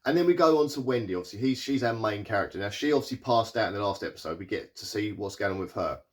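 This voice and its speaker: A man's voice: lowish voice, animated. A man recapping and reviewing a TV episode in a casual, rambling way, full of fillers and restarts. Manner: rambling, lots of fillers and restarts, paraphrases characters in quick asides. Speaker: TV show reviewer.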